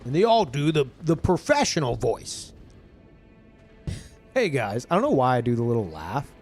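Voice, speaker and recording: A man's voice: mid-range voice, fairly quick, soft background music. A young man streaming a video game, ranting casually with lots of swearing and filler words. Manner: profane, animated, lots of fillers. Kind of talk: casual live-stream rant while gaming.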